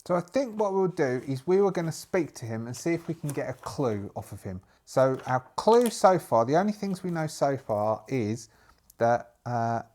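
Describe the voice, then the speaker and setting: A man's voice: mid-range voice, big pitch swings, darkish tone. Man narrating a solo tabletop game. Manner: thinking aloud, halting, with restarts.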